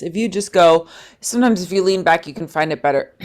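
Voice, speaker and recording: A little fast and lowish in pitch with a darkish tone, a woman coaches students over a video call in an online singing workshop. She sounds upbeat, chatty and encouraging while talking them through their voices.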